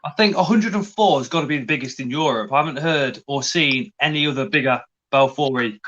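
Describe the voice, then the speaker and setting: A man's voice: on the high side, fairly quick, fairly bright tone, dull audio. A man hosting a casual livestream, greeting viewers in the chat and talking in a hesitant way with many restarts. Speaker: livestream host.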